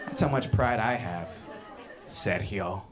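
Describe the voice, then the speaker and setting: A man doing a stand-up comedy set, animated, dropping to hushed asides and rising to shouted punchlines. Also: medium pitch, moderate pace, a loud crowd, heavy background noise. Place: comedy club stage with audience laughter.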